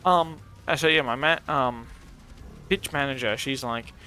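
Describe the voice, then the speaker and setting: A man's voice: mid-range voice, a little slow, pushed and bright. A young man, casually telling a story while gaming, rambling and swearing with lots of fillers. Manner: rambling and profane, many fillers. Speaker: streamer. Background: faint music.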